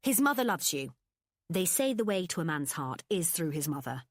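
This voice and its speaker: A woman's voice: fairly low pitch, big pitch swings, moderate pace, no room sound, clean studio sound. A woman voicing a bold, blunt young woman friend who teases in a sing-song way. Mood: matter-of-fact.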